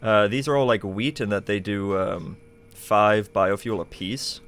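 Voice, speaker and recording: A man's voice: fairly low pitch, a little slow, fairly bright tone. A man streaming a game live, thinking aloud in a chatty way with plenty of fillers. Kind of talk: casual live gameplay commentary.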